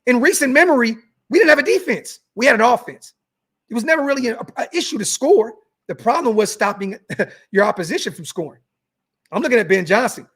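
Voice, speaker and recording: His voice is very high-pitched, expressive, fairly bright, and a little fast. A young man hosting an animated sports podcast livestream, he curses excitedly, repeats words, and reads superchats from the chat aloud.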